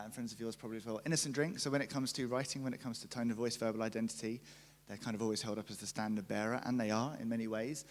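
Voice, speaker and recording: A young man giving a conference talk, jokey and lively, acting out quotes as he tells stories. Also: medium pitch. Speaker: conference speaker, brand writer. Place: conference stage.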